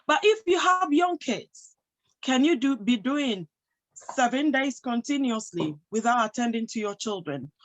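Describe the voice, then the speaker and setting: Slow, emphatic woman speaker. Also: fairly high pitch, lively intonation, low-quality recording. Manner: emphatic, asks rhetorical questions and answers them. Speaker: motivational speaker and health professional. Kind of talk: motivational talk to an audience.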